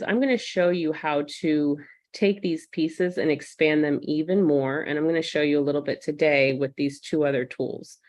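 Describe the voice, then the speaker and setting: A woman teaching a live virtual class, warmly greeting attendees by name and speaking with frequent ums. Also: low voice. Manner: uses fillers like um. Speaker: online course instructor.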